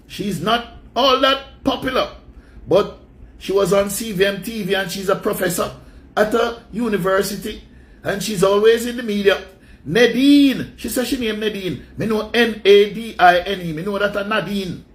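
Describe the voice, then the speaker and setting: A Jamaican man with a high-pitched voice gives a mocking countdown commentary, rambling as he calls out each entry in loud, drawn-out announcements.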